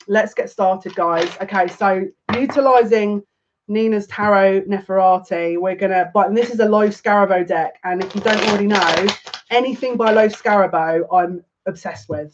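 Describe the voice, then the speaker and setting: A woman's voice: mid-range voice, a little hiss or hum. Woman tarot streamer, casual and theatrical, somewhat muffled sound. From half Turkish. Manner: chatty, dramatic and self-mocking. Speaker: psychic tarot reader. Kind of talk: casual live-stream reading.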